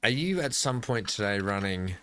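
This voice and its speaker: A man's voice: fairly low pitch, expressive, moderate pace, a bit bright, a little hiss or hum. An Australian man hosting a casual gameplay commentary, chatty and jokey, talking to himself as he plays. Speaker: gaming channel host.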